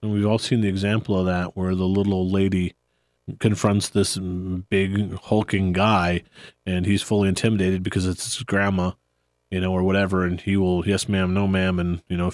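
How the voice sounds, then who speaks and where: A man hosting a podcast in a relaxed, rambling chat, often laughing. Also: sits low, normal speed, dry recording, clean studio sound. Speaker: podcast host. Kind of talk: casual chat.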